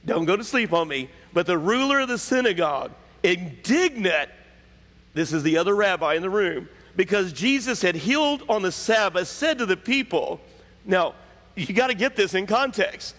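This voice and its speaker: A male pastor preaches in an emphatic, conversational way, often turning to question his congregation. His voice sits a little high. A long hall reverb trails each phrase in the church sanctuary. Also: lively intonation, moderate pace, fairly bright tone. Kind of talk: sermon.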